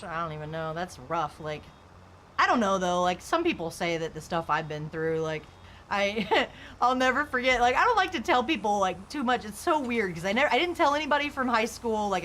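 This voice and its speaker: Chatting on her game stream, this young woman rambles in a candid way and leans heavily on "like." Her voice sits mid-range with a fairly bright tone, and there's a little hiss or hum in the audio.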